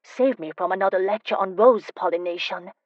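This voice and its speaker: A woman narrator voicing a spirited, teasing young woman in an audiobook, speaking with lively, emphatic delivery. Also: mid-range voice, brisk, no room sound, dull audio, natural voice. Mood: exasperated. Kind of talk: audiobook character voice.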